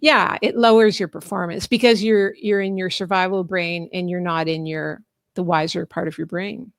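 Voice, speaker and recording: A woman's voice: on the low side, fairly even intonation, normal speed, creaky, dry recording. A woman life coach explaining a method on a video call, friendly and instructive, laughing often. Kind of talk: explaining a coaching method in a live online talk.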